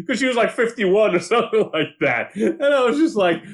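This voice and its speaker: A man's voice: high voice, normal speed. Laughing, swearing man retelling a show. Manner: animated storytelling, acts out quotes, swears freely, laughs often. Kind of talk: casual chat recapping a TV show.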